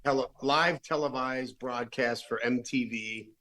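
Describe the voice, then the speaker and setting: A man's voice: mid-range voice, unhurried, bright, forceful tone, rough recording. A late-middle-aged man, a rock musician guest, telling stories in a casual, rambling way, full of restarts and fillers. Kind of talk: casual storytelling.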